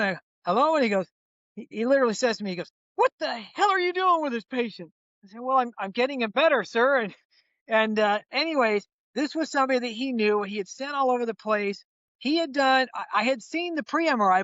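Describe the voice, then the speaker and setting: A man in his sixties, a chiropractor guest, telling a patient story in lively conversational style. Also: very high-pitched, dry recording, dull audio. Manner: animated storyteller, acts out quoted voices, frequent restarts.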